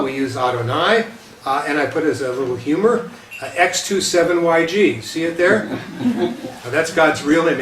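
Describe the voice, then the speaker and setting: Man, rabbi type, fairly high voice, lecturing with casual asides, recorded in a roomy hall from far off with faint hiss. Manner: conversational, often checks in with "okay?" and repeats himself. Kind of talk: lecture with light humor. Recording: roomy echo, distant mic, faint hiss.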